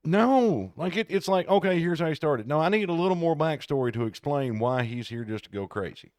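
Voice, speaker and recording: A man's voice: a little high, a little fast, darkish tone, dry recording, studio quality. A man co-hosting a podcast, chatting casually and rambling through stories. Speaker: podcast co-host. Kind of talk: casual chat.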